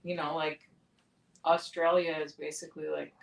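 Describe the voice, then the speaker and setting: A woman's voice: deep voice, flat delivery, moderate pace, creaky, poor audio. A woman chatting casually on a live stream, teasing her co-host with loose, offhand remarks.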